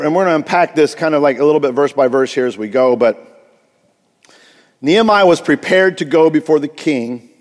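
A man's voice: on the high side, long reverb tail. A male pastor preaching a sermon, telling a story with frequent restarts and asides.

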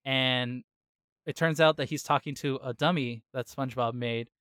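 A man hosting a casual podcast, retelling a cartoon episode in a lively, slangy way with quick asides. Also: medium pitch, clear, resonant tone, dry recording, clean studio sound. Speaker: podcast host. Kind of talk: casual chat, episode recap.

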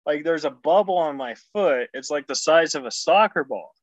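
A man joining a casual podcast from his laptop over a video call, making deadpan jokes. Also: fairly high pitch, normal speed, no room sound. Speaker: podcast guest.

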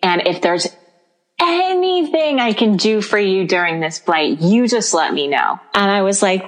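Animated woman telling a story. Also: medium pitch, a little slow. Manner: animated storyteller, acts out quoted dialogue, laughs often. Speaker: podcast co-host. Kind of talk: casual storytelling chat.

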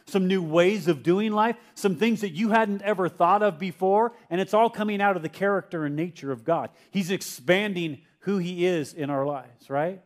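A man's voice: sits high, moderate pace, few pauses. A male pastor giving a conversational sermon and asking his congregation questions. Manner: acts out Peter's confused voice.

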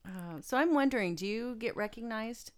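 A woman's voice: fairly high pitch, lively intonation, moderate pace, no echo. A woman co-hosting a podcast, chatting casually with a giggly, teasing manner. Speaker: podcast co-host. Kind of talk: casual chat.

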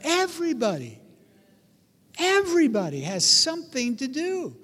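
High-pitched guy preaching, acts out the people in his stories, echoey hall. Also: unhurried. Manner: animated storytelling, acts out voices. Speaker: pastor. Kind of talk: sermon.

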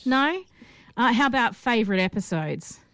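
A woman's voice: fairly high pitch, expressive, moderate pace, a bit bright, no echo. Aussie woman rambling on a film podcast, lots of ums, dry close mic. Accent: Australian. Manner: chatty, rambling, many ums and restarts. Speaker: podcast host. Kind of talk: casual film podcast chat.

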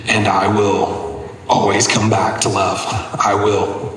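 Speaking slowly with fairly even intonation, a man whose voice is on the low side but fairly bright gives a sermon testimony to a congregation. He is conversational and earnest, full of casual fillers. The recording has a little hiss or hum and long reverb from an echoey hall.

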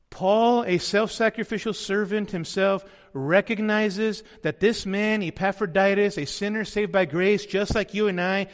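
A man's voice: high voice, fairly even intonation, a little slow, hardly any pauses, in a large hall. A man preaching a sermon as pastor, earnest, sometimes voicing the people he quotes.

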